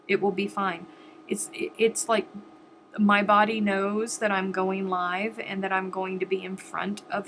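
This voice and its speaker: A woman's voice: mid-range voice, fairly bright tone, a little hiss or hum, poor audio. A woman hosting a crochet live stream, chatting casually and directly to viewers, with a sniffly, stuffed-up nose.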